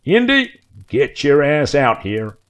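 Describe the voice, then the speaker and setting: Filthy old backwoods man, twang, hollers way up high and drags his words. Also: big pitch swings, slow pace, smooth. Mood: menacing. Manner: hollering, drawling, menacing.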